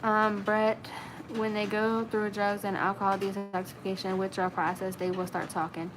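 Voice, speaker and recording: A woman's voice: mid-range voice, level tone, moderate pace, over music, poor audio. A woman from Virginia with a Southern accent, hosting a casual livestream and chatting through viewer comments with lots of fillers. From Virginia, Blue Ridge region. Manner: chatty, many fillers, reads comments aloud. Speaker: livestream host.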